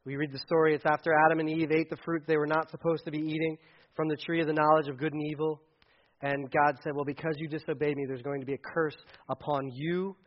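A man preaching a casual sermon as pastor, animated and conversational, acting out quotes. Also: fairly high pitch, quick pace, lo-fi sound.

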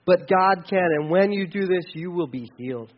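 Male pastor, high voice, casual sermon delivery, lo-fi dull recording. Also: moderate pace. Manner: conversational preaching with dynamic rises and drops.

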